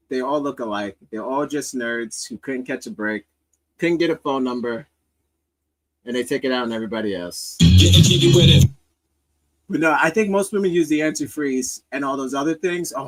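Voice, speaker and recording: A man's voice: medium pitch, poor audio. A man hosting a comedy podcast, riffing loosely with laughter and profanity. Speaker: podcast host. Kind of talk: casual comedic commentary.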